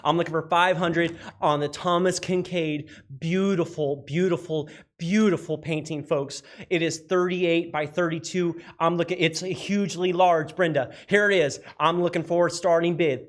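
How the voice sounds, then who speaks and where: A man calling bids as auctioneer at a live charity auction, energetic and repetitive, often shouting. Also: a little high.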